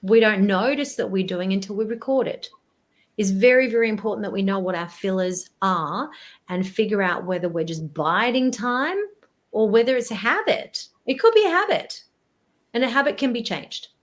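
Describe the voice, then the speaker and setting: A woman, a voice presentation coach giving tips in an interview, animated and demonstrative. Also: mid-range voice, moderate pace.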